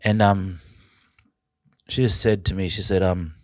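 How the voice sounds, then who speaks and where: An Australian man with a very low, steady voice talks as a podcast guest, sharing his own story in conversation. His delivery is earnest, halting and full of feeling, and the recording is close and dry with no echo or room sound.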